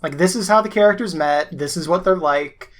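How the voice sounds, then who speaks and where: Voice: mid-range voice, brisk, fairly bright tone. A podcast co-host in casual conversation, chatty with many fillers and laughs.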